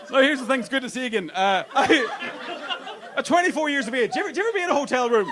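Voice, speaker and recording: A man's voice: extremely high pitch, animated, fast, crowd noise. A male stand-up comedian telling crude stories on a comedy club stage into a handheld mic. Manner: brash, crude storytelling. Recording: live club with audience noise.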